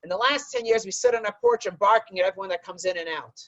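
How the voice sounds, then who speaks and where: A rabbi giving a conversational religious lesson and telling a story to illustrate it. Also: male voice, sits high, wildly swooping pitch, fast, gravelly, fairly bright tone, dry recording, lo-fi sound.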